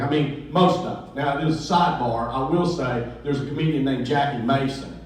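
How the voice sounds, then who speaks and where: A man who owns a comedy club, telling stories and jokes at a memorial in a rambling, halting way full of restarts. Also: medium pitch. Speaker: comedy club owner giving a eulogy. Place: memorial gathering hall. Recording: roomy echo, speaker far from the mic.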